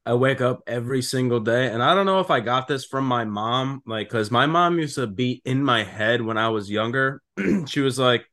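A young adult man co-hosting a podcast in casual chat, animated, swearing freely and saying "dude" and "like" a lot. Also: mid-range voice, moderate pace. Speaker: podcast co-host.

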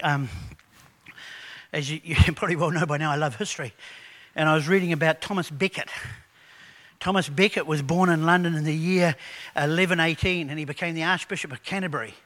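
A man preaching a sermon, animated and conversational, telling stories to his congregation. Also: on the high side, a little fast. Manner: animated preaching with acted quotes; conversational storytelling. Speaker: pastor.

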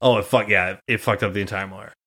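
A man's voice: fairly low pitch, steady tone, fast talker, sharp tone. A young man from Nebraska, a podcast host, chatting casually and swearing freely as he tells family stories. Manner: swears freely, storytelling with quoted voices. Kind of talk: casual chat.

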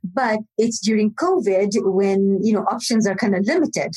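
A woman's voice: medium pitch, lively intonation, moderate pace, mellow, breathy edge, rough recording. A woman hosting an interview, encouraging and prompting her guest with questions. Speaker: host.

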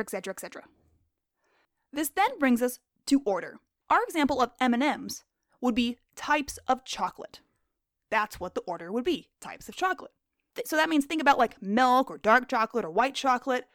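A woman with a high, bouncing voice hosts a podcast and narrates animal facts, joking at her own expense. The recording is dry and close, with no room sound. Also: no echo. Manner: jokey, self-deprecating, quizzes herself in a game-show bit. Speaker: podcast host.

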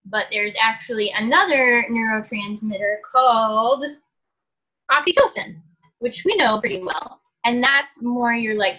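A woman's voice: on the high side, pushed and bright, lo-fi sound. A woman co-hosting a podcast, chatting casually and laughing often, with lots of fillers. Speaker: podcast co-host.

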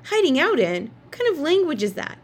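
A woman's voice: high-pitched, sing-song, fairly quick, voice pushed up. Woman doing a bossy, scolding big-sister girl. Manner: exasperated, scolding. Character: bossy bickering young girl, older sister.

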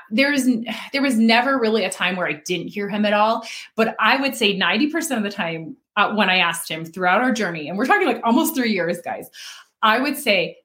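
An adult woman with children, appearing as a guest, shares her faith testimony in a mid-pitched voice. The talk is casual and earnest, full of fillers and soft laughs.

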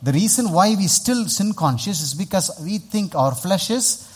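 Pastor guy, husky voice, preaching with big swings in pitch, lots of "amen?" and "hello?". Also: moderate pace. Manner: lively, call-and-response preaching with rhetorical questions. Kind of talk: sermon.

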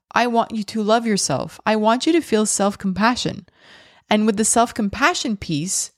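A woman's voice: medium pitch, no room sound, studio quality. A woman in her thirties hosting a podcast, speaking candidly and reflectively with frequent ums and restarts. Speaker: podcast host.

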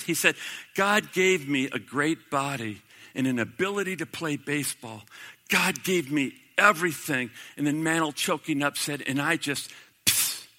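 A middle-aged man preaching a sermon, building to impassioned peaks and dropping to hushed, quiet passages. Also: mid-range voice. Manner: impassioned, swelling to emphatic peaks then dropping to hushed quotes. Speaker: pastor.

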